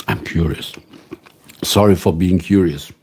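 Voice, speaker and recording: A man with a German accent hosting a casual live stream from home, musing slowly and greeting viewers by name. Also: low-pitched, a little mellow, slight background noise. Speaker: livestream host.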